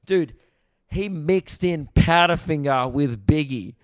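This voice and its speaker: A young Australian man, a comedian and podcast host, telling stories in an animated, rambling way with plenty of swearing, in a casual chat recorded in a rented apartment. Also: a little high, takes it slowly, dry recording, clean studio sound. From Victoria, Australia.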